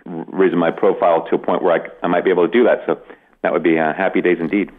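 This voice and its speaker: A middle-aged Canadian comedian with a Canadian accent, giving a dry, self-deprecating radio interview with many restarts. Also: male voice, low-pitched, little pitch movement, very fast, phone-quality sound. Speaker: comedian guest.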